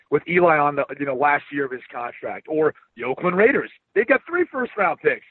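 A man analyzing football over a phone call, speaking in a relaxed, conversational way with filler ums. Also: fairly high pitch, a little fast, hardly any pauses, slightly rough, dry recording. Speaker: guest analyst. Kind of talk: casual sports analysis. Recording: tinny phone line.

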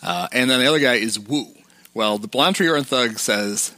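A man's voice: medium pitch, moderate pace, bright, forceful tone, no room sound. A man hosting a podcast, casually retelling film scenes and quoting lines. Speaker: podcast host.

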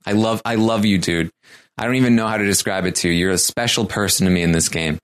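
A man voicing a tearful grown man who pours out heartfelt thanks in a rushed, halting way. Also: on the low side, close to an everyday voice. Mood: tearful, grateful.

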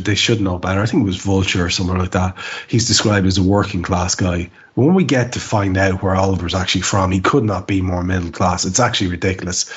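A man co-hosting a podcast, chatting casually about a film, animated and often restarting with stammered repeats. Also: low voice, husky, lo-fi sound. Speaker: podcast co-host. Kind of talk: casual film review chat.

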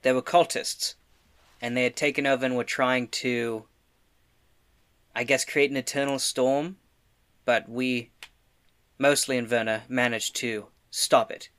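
A man playing a tabletop game, speaking as his character in an earnest, deliberate way. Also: mid-range voice, fairly even intonation, a bit bright, clean tone. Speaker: player.

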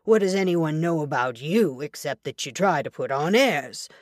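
A woman's voice: low-pitched, animated, moderate pace, no room sound, clean studio sound. A woman reading an audiobook, voicing a drunk, belligerent frontier horseman with a thick, coarse, threatening manner. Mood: snarling. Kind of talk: audiobook character voice.

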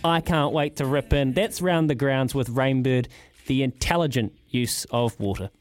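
A man's voice: medium pitch, normal speed, faint music behind. A New Zealand man co-hosting breakfast radio, running through sports fixtures in an upbeat, punchy way on a studio microphone. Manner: energetic, punchy listing of fixtures. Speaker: radio co-host, sports segment. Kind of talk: upbeat sponsored sports rundown.

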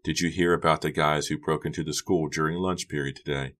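A man voicing a quiet, low-key teenage boy in an audiobook. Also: fairly even intonation, a little fast. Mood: calm. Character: laid-back teenage boy, soft-spoken. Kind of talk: audiobook character voice.

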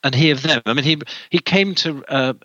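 A man's voice: medium pitch, brisk, fairly bright tone, no room sound, highs cut off. A man guest in an interview, telling a story with many restarts and fillers. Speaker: author and guest.

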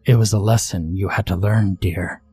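A man's voice: low voice, fairly even intonation, moderate pace, mellow, slightly rough, heavily acted. A man voicing a scheming demon mother, sly, cold and condescending.

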